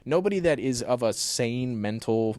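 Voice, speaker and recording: A young man guesting on a casual podcast, joking around and telling stories with animated quoted voices. His voice is mid-pitched and recorded dry on a close mic. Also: moderate pace, no echo. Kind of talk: casual chat.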